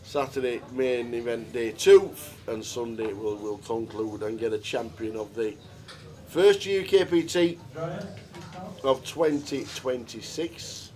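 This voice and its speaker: A man's voice: mid-range voice, measured pace, mellow. A man doing live poker commentary, chatty and jokey, with rambling asides. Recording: crowd chatter of a live card room.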